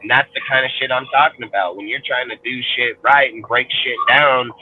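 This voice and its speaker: A man's voice: medium pitch, steady tone, brisk, phone-quality sound, slight background noise. A man with a Californian accent ranting angrily about football on a fan panel show, swearing constantly and restarting his sentences. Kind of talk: heated profane sports rant.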